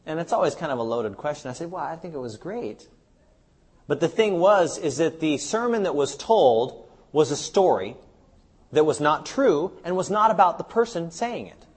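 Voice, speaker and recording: Man, sermon, husky voice, a touch high, rhetorical questions to the audience. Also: expressive, normal speed. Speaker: seminar speaker. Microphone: live seminar recording.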